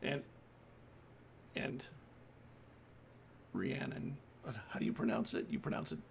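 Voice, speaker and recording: A man's voice: mid-range voice, unhurried, creaky, slight background noise. A man running a tabletop game as game master, casual and laughing as he narrates.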